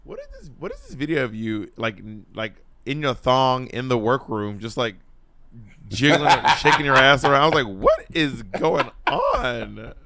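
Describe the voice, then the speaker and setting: A man's voice: mid-range voice, huge pitch swings, normal speed, vocal fry, sharp tone. A man co-hosting a podcast, chatting in a campy, teasing way. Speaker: podcast co-host. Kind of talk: casual chat.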